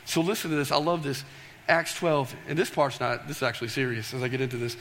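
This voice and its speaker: A man preaching a sermon, animated and storytelling, tossing questions to the congregation. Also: mid-range voice, quick pace. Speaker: pastor. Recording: long reverb of a large hall.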